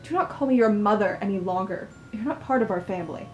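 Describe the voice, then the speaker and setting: A woman's voice: medium pitch, animated, quick pace, a little mellow, echoey room, lo-fi sound, faint music behind, lightly acted. A woman voicing a cold, proud mother of a wealthy family, stern and dismissive.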